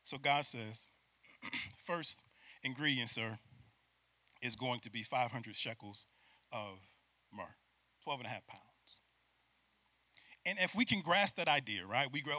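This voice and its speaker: A man delivers a church sermon in a bright, ringing voice set a touch high. The sound is dry and close. He swings from hushed asides to loud, emphatic peaks and has the congregation repeat words after him. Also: expressive, measured pace, pauses often, dry recording. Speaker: preacher.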